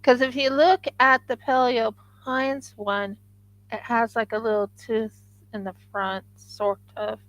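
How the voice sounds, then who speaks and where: A woman's voice: fairly high pitch, flat delivery, unhurried, no room sound, rough recording. A woman live-streaming her craft work, chatting casually and thinking aloud to viewers as she sculpts.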